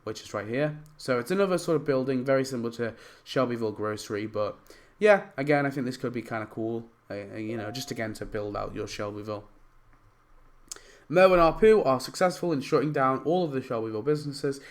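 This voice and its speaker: A young man with a hoarse, worn voice, casually rambling through game ideas with lots of fillers as a YouTube host. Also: medium pitch, brisk. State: losing his voice. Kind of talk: casual commentary over gameplay.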